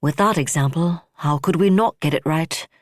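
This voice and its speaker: A narrator voicing a brisk, wry female admiral who speaks firmly and solemnly. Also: mid-range voice, no room sound, studio quality, lightly acted. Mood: earnest. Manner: firm and solemn.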